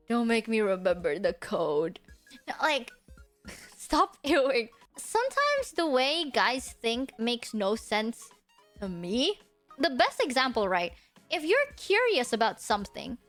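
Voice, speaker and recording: Young female streamer, high bright voice, animated rambling chat, faint music underneath. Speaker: VTuber streamer. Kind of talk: casual livestream chat.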